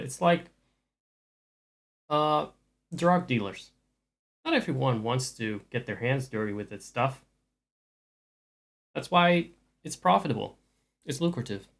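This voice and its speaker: A man's voice: mid-range voice, lively intonation, measured pace, vocal fry, pauses often, fairly bright tone. A man streaming live and chatting casually with viewers, rambling with dry jokes and frequent restarts.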